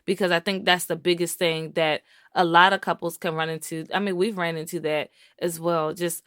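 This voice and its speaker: A woman with a somewhat low voice speaks earnestly and with animation, often filling her sentences with "like" and "you know". The sound is close and dry. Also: flat delivery, moderate pace, a bit bright, clean tone, dry recording. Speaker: podcast co-host. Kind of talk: casual chat.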